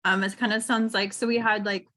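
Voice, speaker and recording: Chatty woman host, mid-pitched. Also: level tone, fairly quick, pushed and bright. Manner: chatty, uses many fillers like "right" and "like". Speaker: podcast host. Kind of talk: casual chat.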